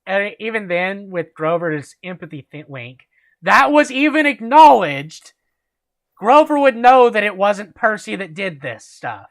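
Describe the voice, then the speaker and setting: A man's voice: sits high, sing-song, a little slow, fairly bright tone. A man hosting a reading of a fan story aloud, chatting and laughing with friends between passages. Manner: amused, laughing reader. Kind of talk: reading aloud and casual chat.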